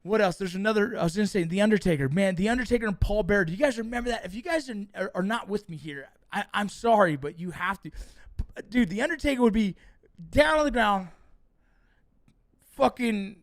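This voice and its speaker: A middle-aged man hosting a livestream, reading chat and telling stories in a casual, profane, animated way. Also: high voice, brisk, dry recording, studio quality.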